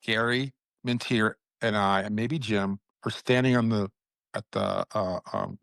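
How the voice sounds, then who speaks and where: A man, a sitcom writer and producer, telling lively, laughing anecdotes in a casual interview. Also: lowish voice, measured pace, creaky, dry recording, clean studio sound.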